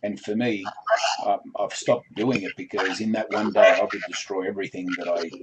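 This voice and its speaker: A man's voice: fairly low pitch, steady tone, moderate pace. A man hosting an interview, asking questions and thinking aloud. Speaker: host. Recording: loud background noise.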